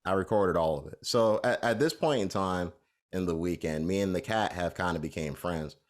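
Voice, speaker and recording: A man's voice: low voice, normal speed. A man co-hosting a podcast, telling a long story in a casual, rambling way with lots of fillers. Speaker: podcast co-host.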